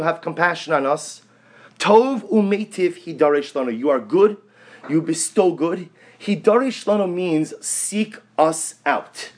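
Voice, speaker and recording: Impassioned rabbi, loud to hushed. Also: male voice, a little high. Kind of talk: sermon.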